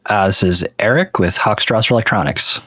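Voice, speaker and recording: A man's voice: on the low side, a little fast, dry recording. A man guest on a podcast, talking casually and loosely with some hesitation. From Massachusetts. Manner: relaxed, hesitant with fillers. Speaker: guest, pedal maker. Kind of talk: casual interview. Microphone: remote call line.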